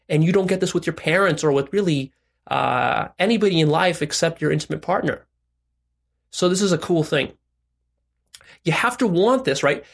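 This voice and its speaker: A man's voice: a little high, gravelly. A man giving frank, direct relationship and sex advice in a casual monologue, explaining step by step with "right?" asides.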